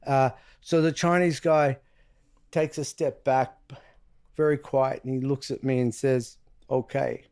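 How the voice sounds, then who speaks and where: Man, interview guest, blunt, swears freely, acts out dialogue, keeps saying "right?", middle pitch. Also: little pitch movement, a little slow, darkish tone, clear, resonant tone. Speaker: guest, private investigator. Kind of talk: casual storytelling interview.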